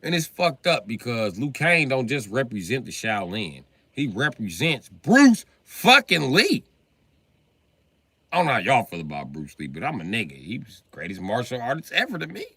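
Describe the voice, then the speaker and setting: A man's voice: medium pitch, normal speed, breathy edge, dry recording. A man hosting a casual livestream, ranting and joking with a lot of swearing. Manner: animated, profane ranting, laughs at his own jokes. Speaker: livestream host.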